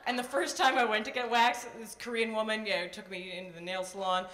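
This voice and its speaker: A woman's voice: medium pitch, fairly even intonation, fast, fairly bright tone, a little hiss or hum. Brash woman comic in a roomy club. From Canada. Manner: brash, conversational storytelling with profane punchlines. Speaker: stand-up comedian. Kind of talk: live stand-up set. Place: nightclub stage before a live audience. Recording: roomy live club sound.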